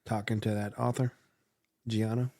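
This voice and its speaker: A man's voice: on the low side, level tone, normal speed, warm tone, no room sound, studio quality. A man co-hosting a podcast, casually recapping comic storylines with lots of fillers. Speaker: podcast co-host.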